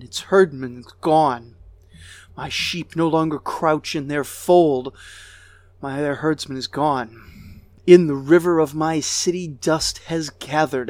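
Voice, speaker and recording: A man voicing a grieving goddess queen who mourns her ruined city in a high, keening lament. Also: a little mellow, dry recording.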